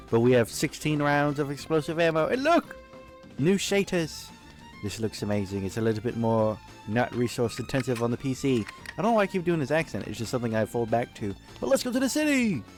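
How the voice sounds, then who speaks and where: Gaming channel host, male, loose self-correcting commentary, lively voice, music bed under him. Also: mid-range voice. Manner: rambling, self-correcting, jokey. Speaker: gaming YouTuber. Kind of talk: casual gameplay commentary. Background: faint background music.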